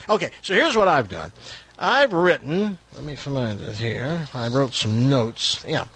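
A man's voice: mid-range voice, sing-song, a little slow, a bit bright, breathy edge. A middle-aged man hosting a talk radio show, reading aloud in a mocking, theatrical way with sarcastic asides.

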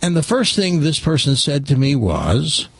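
A man hosting a talk show, telling an exasperated story to his audience in a lively, animated way. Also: a little high, normal speed, husky, no room sound.

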